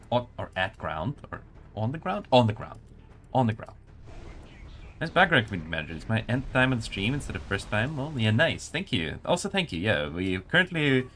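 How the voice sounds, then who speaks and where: During a live stream, a man working as a community manager spectates a match, commenting on it and casually answering viewer chat. His voice is mid-range and a bit bright.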